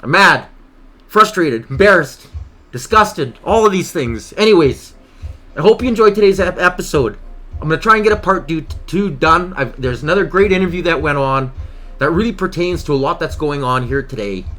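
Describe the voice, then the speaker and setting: Faint music plays behind a Canadian political vlog host whose fairly high, sharp voice has lively intonation at a moderate pace. He's emotional and agitated, speaking passionately and repeating himself.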